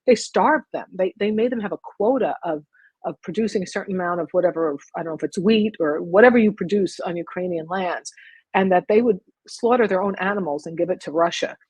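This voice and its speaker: A woman hosting a podcast who asks eager questions in quick, restarting bursts. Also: fairly low pitch, a little mellow, breathy edge, no echo, rough recording. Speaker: podcast host. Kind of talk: casual interview chat.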